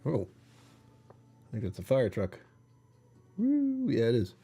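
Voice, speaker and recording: A man's voice: medium pitch, huge pitch swings, takes it slowly, dark tone, slightly rough, faint music behind. A young man hosting his own livestream in casual, rambling chat, amused by himself as he talks. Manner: rambling, self-amused, chatty. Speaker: livestream host.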